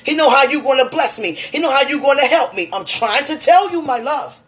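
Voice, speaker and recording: A woman's voice: sits high, animated, a little fast, a bit bright, a little hiss or hum. A woman giving a fervent, emotional spiritual message to one listener, preaching and repeating her phrases.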